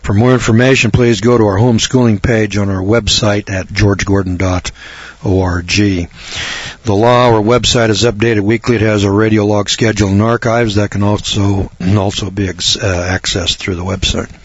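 A man's voice: on the low side, steady tone, normal speed, slightly rough, dry recording. A man hosting a radio talk show, preaching emphatically and reading out long lists and scripture. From American South. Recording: dull dry radio broadcast sound.

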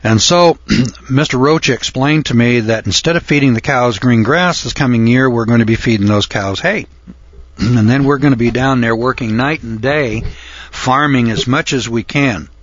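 An older man telling a folksy, rambling story from his youth, often pausing with uh and clearing his throat. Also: mid-range voice, no echo, highs cut off. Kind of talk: folksy spoken reminiscence.

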